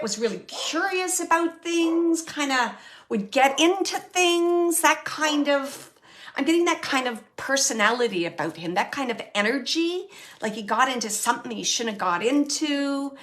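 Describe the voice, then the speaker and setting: A woman giving a live mediumship reading in a slightly high voice. She searches for her words with constant fillers and restarts, and often trails off into a soft, near-whispered murmur. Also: animated, normal speed. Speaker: psychic medium host.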